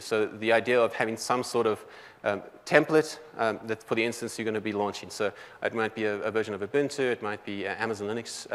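Fast-talking South African man, hall echo. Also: fairly low pitch, fairly bright tone. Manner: quick, loose delivery full of "um" and restarts. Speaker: conference presenter. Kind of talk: technical conference talk. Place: large conference hall.

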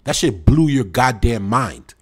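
Male livestream host, animated and slangy, mid-pitched, talks to the chat like old friends. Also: a little slow, breathy edge. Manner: animated, slangy, reminiscing, talks straight to viewers.

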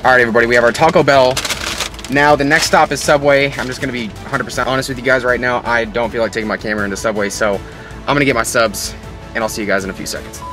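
A man's voice: mid-range voice, steady tone, racing, music in the background. A young man talking casually to his viewers in a food vlog, chatty and upbeat, calling them folks and guys. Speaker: food vlogger. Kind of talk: casual vlog talk to camera.

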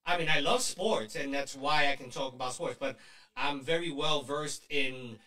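A man co-hosting a podcast, chatting casually and joking with lively swings in his voice. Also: echoey room, recorded from a distance. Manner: lively, joking, quick shifts in pitch. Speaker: podcast co-host and coach. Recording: voice set back from the mic.

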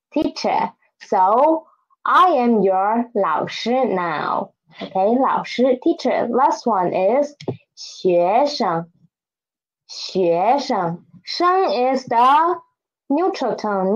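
A woman's voice: a little high, muffled recording. A woman teaching an online Chinese lesson, saying new words twice and asking learners to repeat after her.

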